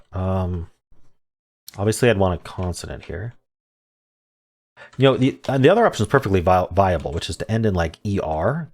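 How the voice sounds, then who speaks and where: Man, deep voice, casual puzzle commentary, thinks out loud, trails off mid-sentence. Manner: thinks aloud, muttering half-sentences. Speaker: word game video host.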